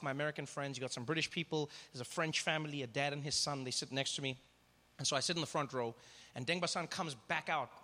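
A man telling a story in stand-up style, animated and self-mocking. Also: on the high side, long reverb tail. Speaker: stand-up comedian.

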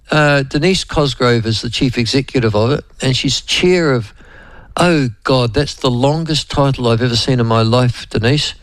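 A man's voice: medium pitch, no echo, low-quality recording. A man with a New Zealand accent hosting a radio show in a rambling, chatty, digressive way. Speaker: radio host. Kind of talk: casual radio chat.

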